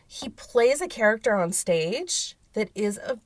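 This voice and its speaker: A woman's voice: mid-range voice, sing-song, measured pace, no echo. A woman co-hosting a casual podcast, telling stories animatedly and swearing freely, recorded on a studio microphone in a home podcast studio. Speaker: podcast co-host. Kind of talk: casual chat.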